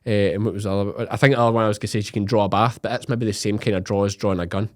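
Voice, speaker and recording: A man's voice: fairly low pitch, fairly even intonation, rapid-fire. A man in his thirties from Scotland with an Ayrshire Scottish accent, co-hosting a casual podcast chat, joking and laughing as he acts out little bits. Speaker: podcast co-host.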